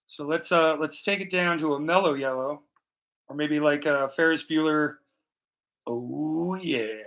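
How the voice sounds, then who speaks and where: A man's voice: a little high, unhurried, long pauses, pushed and bright, low-quality recording. A man livestreaming a painting session, chatting casually with a joking, profane, rambling manner and breaking into snatches of song, heard through a laptop mic. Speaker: live-streaming painter.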